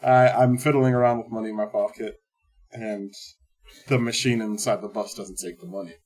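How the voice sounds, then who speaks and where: A man with a husky, breathy voice spins a long, rambling anecdote on a casual podcast. He laughs through his own story and swears freely in relaxed chat. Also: on the low side, moderate pace. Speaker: podcast co-host.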